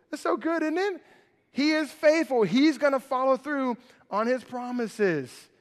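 A man preaching a sermon as pastor, animated, swinging from loud emphasis to soft, hushed lines. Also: high-pitched, unhurried, long reverb tail. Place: church sanctuary.

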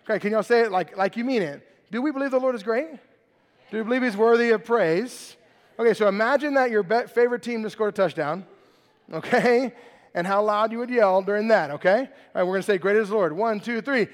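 Man preaching to a crowd, high voice, jokey, keeps asking right?, big echoey church hall. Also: a little fast. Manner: lively and joking, asks the crowd "right?" often. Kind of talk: sermon to a live congregation. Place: large church hall with congregation. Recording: long hall reverb.

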